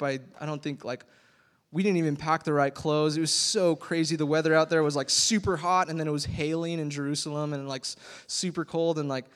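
A man, a youth pastor giving a casual, rambling sermon full of fillers and laughter. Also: fairly high pitch. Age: 20s. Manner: rambling, chatty, many fillers, laughs often. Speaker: youth pastor, worship leader. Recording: long hall reverb.

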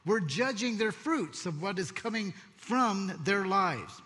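A man preaching a sermon as pastor, expressive and conversational, telling stories with asides. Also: high-pitched, slow. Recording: long hall reverb.

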